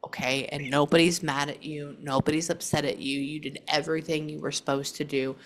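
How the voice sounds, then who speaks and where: A woman giving a spirit reading, her voice sitting fairly low with a rough, gravelly fry running through it. She talks earnestly and reassuringly, often stopping mid-thought to pause or add an aside. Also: flat delivery, a little hiss or hum. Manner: earnest and reassuring, relaying messages aloud; halting, with frequent pauses and asides. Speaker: psychic medium. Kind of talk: spirit reading session with a client.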